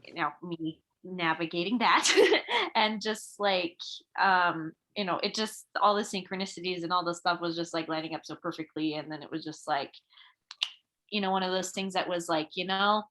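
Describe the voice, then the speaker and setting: A woman's voice: lowish voice, steady tone, normal speed, pushed and bright, low-quality recording. Hesitant young woman sharing reflections. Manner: hesitant, many fillers and restarts. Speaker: book club member. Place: video call.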